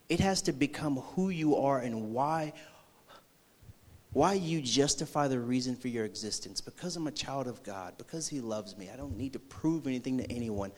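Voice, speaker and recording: A man preaching a sermon, acting out a movie scene with energy before turning slow and earnest. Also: mid-range voice. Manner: slows and softens into earnest preaching. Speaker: youth pastor.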